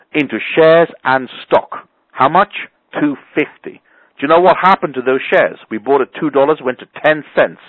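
A man's voice: medium pitch, husky, no room sound. A man giving a colorful, blunt motivational business talk over a phone call. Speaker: business coach. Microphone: telephone. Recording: tinny phone line.

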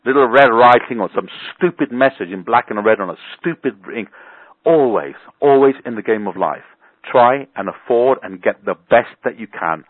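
Animated man on a tinny phone line. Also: medium pitch, moderate pace, no echo. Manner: animated, colorful and blunt. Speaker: business coach. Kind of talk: motivational talk on a phone call. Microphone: telephone.

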